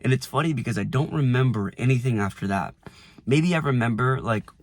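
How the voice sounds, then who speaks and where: A man in his twenties, vlogging casually from inside his car, rambling with lots of fillers and going quiet when a memory moves him. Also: medium pitch, animated, brisk. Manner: rambling, lots of "like" and restarts, softens when emotional. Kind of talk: casual reflective vlog.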